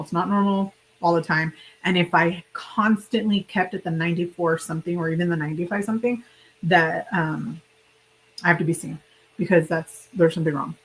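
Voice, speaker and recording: A woman with a slightly low voice rambles chattily to her stream viewers. She is sick and hiccuping, talking straight to her audience in a loose, casual way. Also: slight background noise, low-quality recording. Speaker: livestream host. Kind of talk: casual livestream chat.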